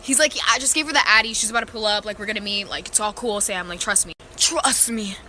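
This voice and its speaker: A woman telling a story in a lively, slangy way and swearing casually. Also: mid-range voice, racing, a little hiss or hum.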